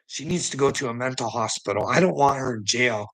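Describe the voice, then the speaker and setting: A man's voice: medium pitch, big pitch swings, measured pace, a bit bright, husky, rough recording. A man ranting in a rambling monologue, mocking and profane, laughing often between lines. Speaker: vlogger.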